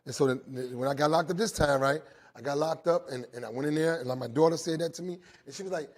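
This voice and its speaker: Fast and on the high side, this middle-aged man's voice carries an earnest recovery testimony to a room of jail inmates. "Right?" follows almost every sentence, and he repeats his phrases as he goes.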